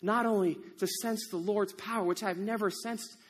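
A man playing Gideon, high and exasperated. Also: normal speed, slightly rough. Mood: earnest. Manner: animated, exasperated, wry storytelling. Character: biblical farmer-hero Gideon, timid yet bold man. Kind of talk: first-person dramatic monologue. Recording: echoey hall reverb.

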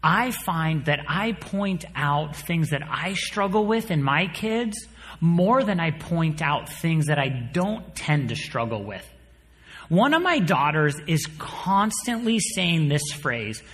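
Animated male preacher in a reverberant hall. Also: a little high, slow. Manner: animated storyteller, drops to quiet earnest tone. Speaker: pastor. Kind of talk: sermon.

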